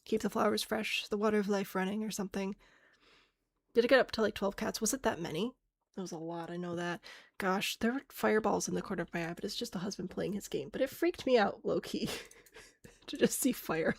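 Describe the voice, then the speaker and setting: A woman's voice: medium pitch, brisk, gravelly, dry recording, clean studio sound. A woman streaming a game, chatting casually, thinking aloud and answering chat with self-mocking laughs. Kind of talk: casual live-stream chat while playing.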